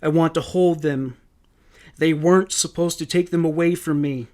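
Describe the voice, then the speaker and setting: A man reading out the pleading answers of a distraught mother under police questioning, in a fairly high voice. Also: fairly even intonation, moderate pace, darkish tone, lightly acted. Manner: pleading, broken questioning answers read aloud.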